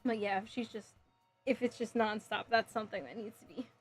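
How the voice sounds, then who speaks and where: A woman's voice: mid-range voice, steady tone, fairly quick, husky, soft background music. A woman live streaming as she builds a model kit, chatting with viewers in a sassy, giggly way. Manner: sassy, playful, giggly, reacts to chat messages.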